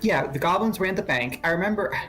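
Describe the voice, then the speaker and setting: A man talking casually on a stream, his voice a little higher than most. He rambles and corrects himself as he goes, laughing easily. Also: animated, brisk, bright, forceful tone, faint music behind. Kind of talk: casual chat.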